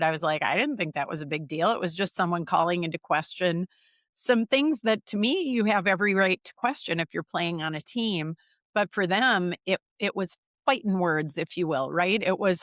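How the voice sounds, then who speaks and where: A woman's voice: lowish voice, no room sound, clean studio sound. A middle-aged woman from the US Midwest, a leadership coach telling stories in conversation and acting out the quoted lines. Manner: animated, acts out quoted dialogue. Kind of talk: conversational storytelling.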